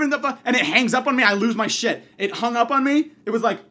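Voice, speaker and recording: A man's voice: very high voice, quick pace, hardly any pauses, sharp tone. A man doing a comedic monologue, ranting angrily and profanely, acting out the people he quotes.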